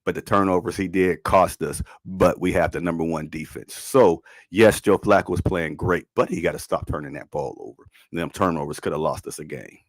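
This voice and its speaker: A man hosting a podcast in casual sports talk, animated, slangy and repeating himself. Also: deep voice, normal speed, hardly any pauses, no room sound, clean studio sound. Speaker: podcast host.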